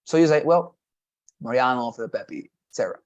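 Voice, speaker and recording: Teaching test prep online, a man explains things repetitively, checking in with "okay?" and "right?" along the way. His mid-range voice is lively in intonation and fast, and the recording has its highs cut off.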